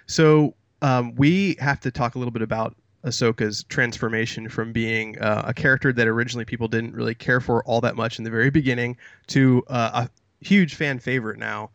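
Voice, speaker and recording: A man hosting a casual interview, enthusiastic and quick with short reactions. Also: mid-range voice, fairly even intonation, vocal fry, a bit bright, no room sound, lo-fi sound. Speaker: interview host.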